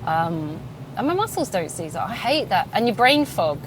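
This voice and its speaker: A woman's voice: mid-range voice, very animated, normal speed, noisy background. A woman in her thirties, a podcast host chatting alone while driving, laughing often, swearing and poking fun at herself. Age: 30s. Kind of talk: casual solo chat while driving. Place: in a car.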